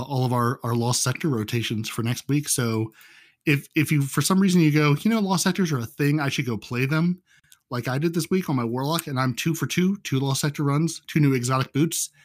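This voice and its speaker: A man's voice: mid-range voice, a little fast. Male co-host, casual gaming chat, rambling and jokey. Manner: joking, rambling, repeats words. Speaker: podcast co-host.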